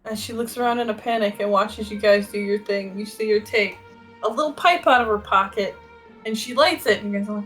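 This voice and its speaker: A woman's voice: medium pitch, a little fast, a bit bright, soft background music. A woman narrating as game master of a tabletop game, casual and full of fillers.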